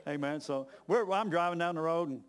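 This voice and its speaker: Folksy preacher man, fairly high voice. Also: fairly quick. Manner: folksy, peppers talk with "amen". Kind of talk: storytelling sermon.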